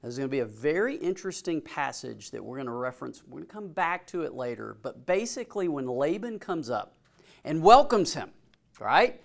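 A man's voice: medium pitch, big pitch swings, fairly quick, creaky. A man teaching a Bible class in a casual way, reading scripture and asking the group questions. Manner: asks the group questions, informal.

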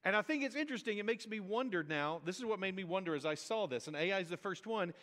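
Male pastor, chatty sermon delivery, slightly high voice, long hall reverb. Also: fast. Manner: conversational, animated, acts out quoted voices.

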